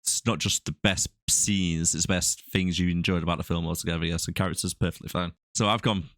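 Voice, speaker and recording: A man's voice: low voice, fairly even intonation, quick pace, a bit bright. A man co-hosting a movie podcast in casual banter, teasing and laughing often. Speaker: podcast co-host.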